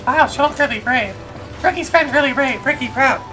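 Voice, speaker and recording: A woman's voice: sits high, moderate pace, natural voice, low-quality recording. A woman voicing a small boastful male creature who talks in broken, childlike grammar, with game music behind. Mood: excitable.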